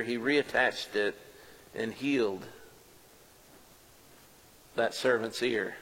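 A man's voice: mid-range voice, fairly bright tone, big-room sound, poor audio. A man performing a first-person dramatic monologue as a preacher, telling the story earnestly with self-mocking asides. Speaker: preacher performing a biblical character.

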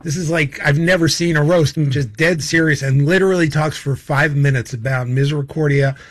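Speaking brisk and on the high side, a man appears as a guest in a casual chat and tells anecdotal stories. He rambles, uses lots of fillers, and laughs along the way.

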